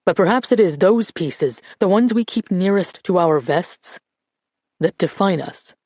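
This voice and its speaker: A woman voicing a grieving man who gives a slow, measured eulogy at a church funeral. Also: fairly low pitch, animated, darkish tone, no echo, studio quality. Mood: solemn, reflective. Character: grieving grandson giving a church eulogy, male adult.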